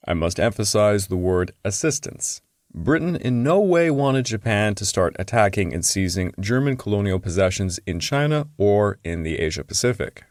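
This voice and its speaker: A man's voice: fairly low pitch, a little mellow, no room sound, studio quality. A man hosting a history podcast, narrating in a casual way with wry, blunt asides.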